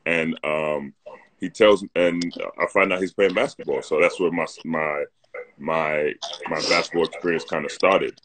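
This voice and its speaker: A man's voice: rumbling low, steady tone, unhurried, fairly bright tone, a little hiss or hum, poor audio. A man with a London accent, from North London, telling a laid-back story in a casual chat on a live phone stream. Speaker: co-host. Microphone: phone on a live video stream.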